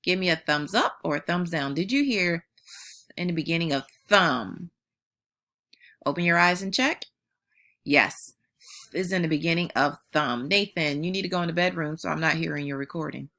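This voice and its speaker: A woman teacher giving a phonics lesson to young children at home, modeling sounds slowly and praising them patiently. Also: low voice, pushed and bright.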